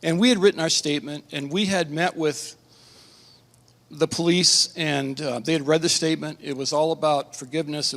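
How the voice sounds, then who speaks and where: A man's voice: on the high side, fairly bright tone. Earnest man pastor in a reverberant hall. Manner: earnest, emotional storytelling with halting restarts. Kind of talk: personal testimony at a conference. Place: conference hall.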